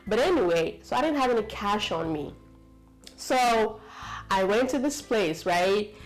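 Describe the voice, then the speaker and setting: A woman's voice: mid-range voice, lively intonation, unhurried, faint music behind, poor audio. A woman from the United States telling a story to camera in a chatty, rambling way, full of fillers and asides. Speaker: vlogger.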